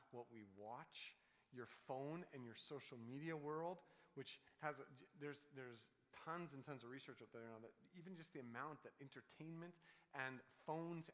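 Earnest pastor preaching in a reverberant hall. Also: male voice, mid-range voice, fairly bright tone. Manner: earnest, repeats words when emphatic. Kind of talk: sermon.

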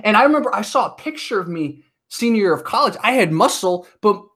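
Chatty high-voiced husky man. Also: fast. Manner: chatty, animated storyteller, acts out quotes. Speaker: guest. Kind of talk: casual podcast conversation.

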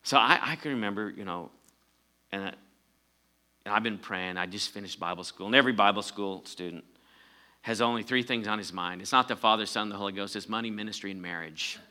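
A man's voice: fairly low pitch, a little fast, sharp tone. A man preaching a conversational sermon, building to emphatic peaks. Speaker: pastor.

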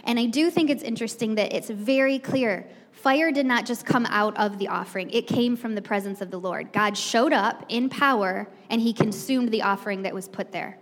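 A woman's voice: on the high side, moderate pace, hardly any pauses. A woman preaching a sermon, retelling the story in a chatty way and speaking straight to the congregation. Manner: chatty storytelling, addresses the crowd directly. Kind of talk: conversational sermon. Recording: long reverb from a hall.

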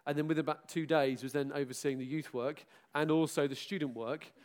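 With a fairly high pitch and a brisk tempo, this middle-aged minister gives his church an energetic farewell full of self-mockery. He breaks out in loud exclamations and laughs along the way.

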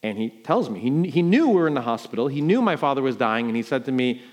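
A man's voice: mid-range voice, very animated, fast talker. Emotional middle-aged man preaching. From New York. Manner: emotional storytelling with sharp swings between loud emphasis and quiet. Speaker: pastor. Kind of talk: sermon.

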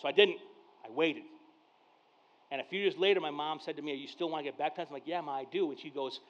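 A pastor preaching a sermon to his church, telling family stories in a casual, conversational way and acting out the dialogue, dropping to a hush and then getting loud. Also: a little high, fast talker. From Mexican heritage. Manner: conversational storyteller, acts out dialogue, swings from hushed to loud. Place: church service. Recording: dull lo-fi sound.

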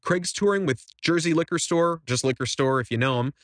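A young man hosting a podcast, telling a casual story with animated quoted voices. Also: a little high, a little fast, no room sound. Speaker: podcast host.

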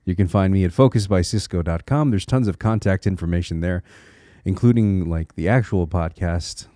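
His voice sits low and dark, and he talks at a normal speed while hosting a solo podcast from Connecticut, USA. Earnest, reflective and encouraging, he thinks aloud with small restarts. Clean studio sound, dry recording.

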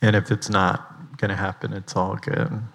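A man's voice: on the low side, flat delivery, normal speed, vocal fry, fairly bright tone, in a large hall. A man giving a casual sermon as pastor, chatty, with rambling asides.

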